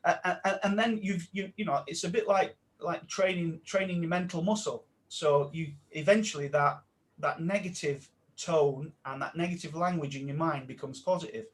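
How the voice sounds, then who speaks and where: Man coaching with animated energy. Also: fairly high pitch, normal speed. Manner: animated, drops to a quiet voice when quoting self-talk. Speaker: mindset coach guest. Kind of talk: casual podcast interview.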